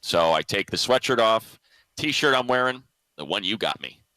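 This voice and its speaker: A man's voice: on the low side, animated, normal speed, sharp tone, no room sound, poor audio. A man hosting a sports radio show, telling a story in casual chat and laughing often. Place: radio studio.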